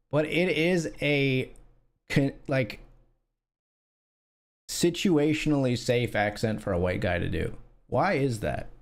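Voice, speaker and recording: A man streaming his online poker session, narrating the hands as they come. He talks loosely and wryly, thinking out loud and throwing in curses. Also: medium pitch. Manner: profane, wry, thinking aloud. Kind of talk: casual live-stream commentary.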